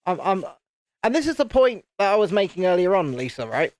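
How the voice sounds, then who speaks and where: While building on his live stream, a British YouTube host in his late thirties from the UK chats casually, rambling and interrupting himself. He speaks with a high, a little mellow voice, fairly quickly and with big pitch swings.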